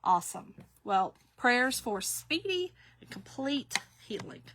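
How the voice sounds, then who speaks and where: Chatty woman, bright voice. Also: fairly high pitch, sing-song, takes it slowly. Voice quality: chatty, rambling storyteller. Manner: talks to viewers while working with her hands. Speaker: craft shop owner. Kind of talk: chatty livestream crafting demo.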